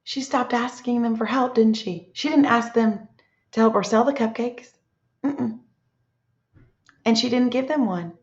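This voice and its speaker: A woman teacher leading a slow, encouraging reading lesson for young children, asking many tag questions. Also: fairly high pitch, a little mellow. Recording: echoey room, dull lo-fi sound.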